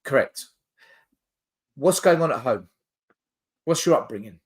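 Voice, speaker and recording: A man co-hosting a casual football podcast, explaining his points step by step with lively emphasis. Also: mid-range voice, unhurried, a crowd in the background. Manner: animated, explains in numbered points. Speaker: podcast co-host.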